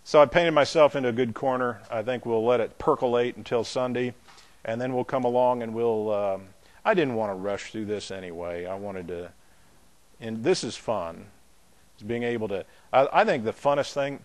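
A man's voice: medium pitch, normal speed. A pastor, a man, teaching a Bible class in a loose, conversational way, with restarts and asides to his students. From not from the American South.

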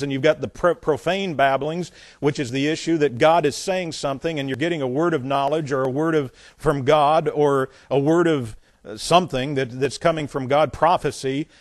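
A man preaching a sermon. He reads scripture aloud with emphasis and drops into blunt, scornful, plain-spoken asides. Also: fairly high pitch. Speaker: pastor.

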